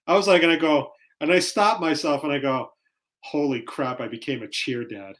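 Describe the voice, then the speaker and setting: A man, co-hosting a casual sports podcast and telling family stories with lively acted-out quotes. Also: on the high side, moderate pace. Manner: animated storytelling, acts out quoted lines. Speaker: podcast co-host. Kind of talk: casual chat.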